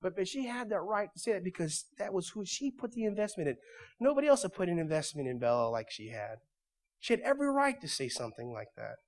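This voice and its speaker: A man's voice: high voice, sing-song, fast talker. Emphatic male church pastor preaching. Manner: swings from quiet storytelling to loud emphatic preaching. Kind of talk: sermon.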